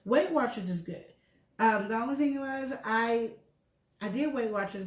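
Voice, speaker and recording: A middle-aged woman co-hosts a show, chatting candidly about her health and animatedly telling stories in which she acts out the dialogue. Her voice is on the high side and a little fast, with a roomy sound.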